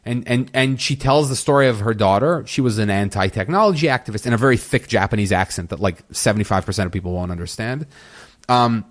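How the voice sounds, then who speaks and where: A man hosting a solo review podcast, talking casually and rambling with frequent restarts and exasperated asides. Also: mid-range voice. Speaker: podcast host.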